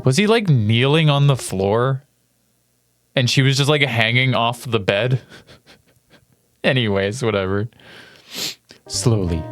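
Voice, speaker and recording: A man reading fanfiction aloud in a dramatic style, breaking off for amused, flustered asides. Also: fairly low pitch. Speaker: reader.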